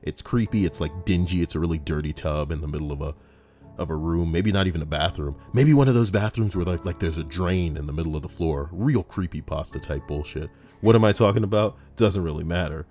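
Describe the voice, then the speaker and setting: A man's voice: low voice, fairly quick, a little mellow, faint music behind. A young man hosting a comedic commentary, reading online stories aloud, swearing, joking and switching into mock voices.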